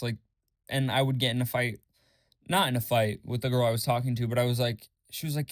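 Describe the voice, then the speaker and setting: Talking fairly quickly, a young male podcast host rambles openly in a casual, diary-like monologue, heavy on fillers and curse words. He mocks others by imitating them in a high voice, and the recording is dry and studio quality.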